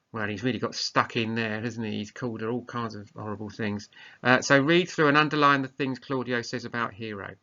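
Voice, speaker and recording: A male teacher talks through a recorded lesson, setting tasks in a plain, sometimes hesitant way. His voice is bright and forward. The sound is muffled and lo-fi. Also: mid-range voice, fairly even intonation, brisk.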